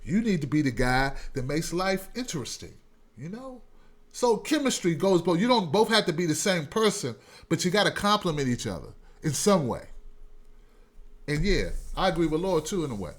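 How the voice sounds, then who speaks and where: A man with a high, bright voice hosts a casual live stream and talks straight to his viewers. His delivery is loud and animated, full of joking, preachy asides. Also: normal speed. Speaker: host.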